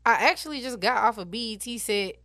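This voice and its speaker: A woman in her twenties, an animated and blunt interview guest who swears freely. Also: fairly high pitch, a little fast, no room sound, clean studio sound. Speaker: interview guest, battle rapper. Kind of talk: casual interview chat.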